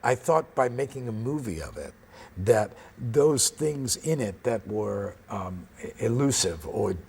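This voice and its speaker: A man's voice: mid-range voice, lively intonation, unhurried, gravelly, a little mellow, breathy edge. A man interviewed about his film, talking in a hesitant, reflective way. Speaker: filmmaker interviewee. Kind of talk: archive interview.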